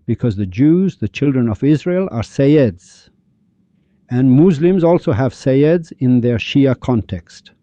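A man's voice: medium pitch, lively intonation, takes it slowly, dark tone, dry recording. A man teaching a lecture on poetry and scripture, emphatic and dramatic, speaking straight to his listeners. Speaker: religious teacher. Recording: dull lo-fi dry recording.

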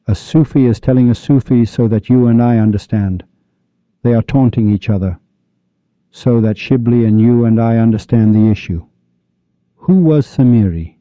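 A man's voice: mid-range voice, mellow, no echo. A man giving a Sufi spiritual teaching talk, full of rhetorical questions and repeated refrains, on a dull lo-fi recording.

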